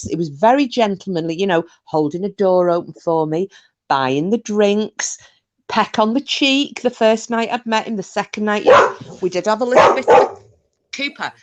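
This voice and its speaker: A woman's voice: medium pitch, slight background noise. A woman hosting a casual chat, telling stories with frequent laughter and the odd swear. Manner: chatty storyteller, laughs often, swears. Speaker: stream host.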